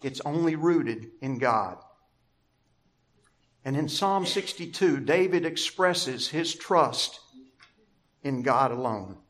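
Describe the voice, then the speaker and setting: A man preaching a sermon as pastor, deliberate and emphatic, stressing key words through repetition. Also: mid-range voice, lively intonation, fairly bright tone.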